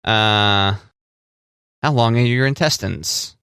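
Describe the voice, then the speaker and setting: A man's voice: lowish voice, slow pace, a bit bright, smooth, dry recording, studio quality. A man co-hosting a casual podcast, teasing and joking with his co-host. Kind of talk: casual chat.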